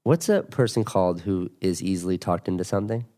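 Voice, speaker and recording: A man's voice: low-pitched, expressive, fairly quick, mellow. A man in his thirties co-hosting a casual podcast chat with his wife, telling rambling, self-mocking stories. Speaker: podcast co-host.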